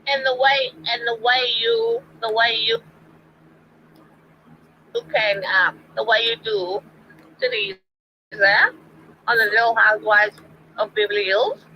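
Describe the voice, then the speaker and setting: A woman's voice: on the high side, sing-song, takes it slowly, pauses often, muffled recording, slight background noise. A woman calling in to a live stream, drunk, rambling and repeating herself as she confronts the host. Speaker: stream guest caller.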